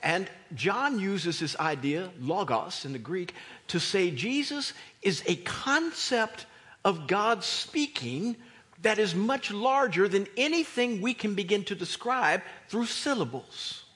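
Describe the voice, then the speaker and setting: A man preaching a sermon as a pastor, animated and emphatic, with a slightly husky voice. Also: sits high, takes it slowly. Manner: animated preaching, rising to near shouts for emphasis.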